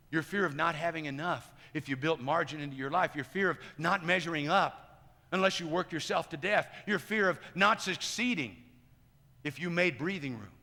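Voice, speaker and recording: A male pastor in his fifties preaching a sermon, swinging between loud emphatic lines and hushed quiet ones. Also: fairly high pitch, big-room sound. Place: church sanctuary.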